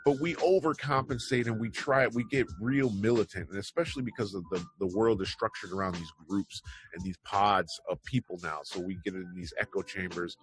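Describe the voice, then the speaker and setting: A man's voice: fairly low pitch, fairly quick, hardly any pauses, a little hiss or hum. A man hosting an online news show, talking casually and rambling through his opinions with wry asides. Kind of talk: casual commentary on news headlines.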